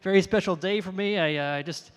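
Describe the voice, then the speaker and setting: Male stand-up comedian, high voice, animated storytelling, live venue with long reverb. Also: fast talker. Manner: animated storytelling with self-deprecating jokes.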